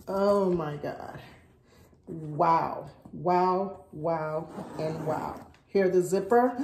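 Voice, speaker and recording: A woman's voice: on the low side, dark tone, echoey room, a little hiss or hum, rough recording. A woman filming an unboxing vlog at home, gushing with gasps and repeated exclamations of delight. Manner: gushing, gasping, breathless exclamations. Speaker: vlogger. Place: at home, indoors.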